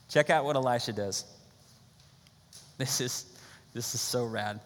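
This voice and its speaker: A man preaching a sermon in a casual, energetic way, acting out the people of a Bible story in a lively voice. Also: medium pitch, moderate pace, long pauses, long reverb tail. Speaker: pastor.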